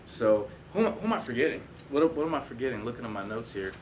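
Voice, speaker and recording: A man's voice: medium pitch, big pitch swings, fast, far from the mic, a little hiss or hum. A young man hosting a sports talk show, chatting casually with lots of fillers and self-corrections. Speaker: host. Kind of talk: casual studio chat.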